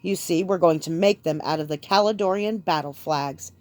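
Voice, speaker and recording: A woman's voice: lowish voice, moderate pace, lightly acted. A woman narrator voicing a resolute young king giving a rousing speech to his people. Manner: rousing, speech-making delivery.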